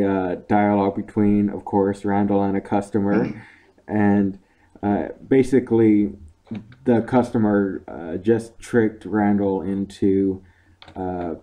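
A low, mellow-voiced man chats casually on a podcast. He retells movie scenes and laughs along the way. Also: level tone, slow pace. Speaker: podcast co-host. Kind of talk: casual chat.

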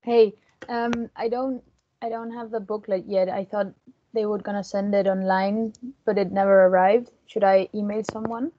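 Female student, polite and unsure, flat delivery, dull call sound. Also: medium pitch, normal speed.

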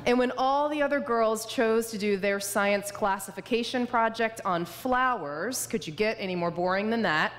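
A woman preaching as a guest speaker, telling humorous personal stories. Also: medium pitch. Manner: warm storytelling, humorous. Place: church sanctuary. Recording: reverberant church hall.

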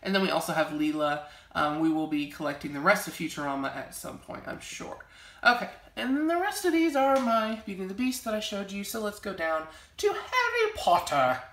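A woman's voice: medium pitch, lively intonation, a little fast, a bit bright, echoey room. A young woman chatting casually to camera as she shows off her collection, gushing and rambling with lots of fillers. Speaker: vlogger showing a collection. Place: home library.

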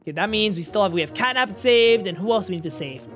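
Fast, rambling young-sounding man. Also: high voice, lively intonation, a bit bright, faint music behind. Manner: fast, rambling, stumbles and repeats words. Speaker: game role-play host. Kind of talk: narrating a Minecraft role-play.

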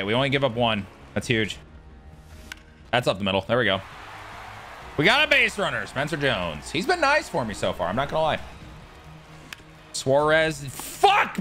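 Excitable male gamer narrating his own match, bright and animated, loud on big moments. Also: medium pitch. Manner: excitable, swears, yells at big plays. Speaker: gaming YouTuber. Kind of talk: live gameplay commentary.

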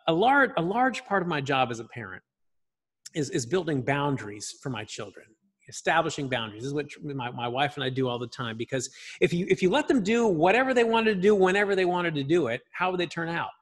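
A man's voice: a little high, sing-song, fairly quick. A man teaching a church Bible study class in a classroom. He speaks emphatically and keeps checking in with "right?". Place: church classroom, also streamed online.

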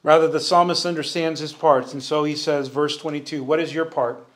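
A man preaching a verse-by-verse sermon in a church sanctuary, his voice sitting a little high for a man. He speaks earnestly, lifts his voice to stress his points and asks the congregation to finish his sentences. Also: fairly even intonation, fairly quick, fairly bright tone. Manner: earnest preaching, rising for emphasis, calls on the congregation to answer. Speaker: Bible teacher.

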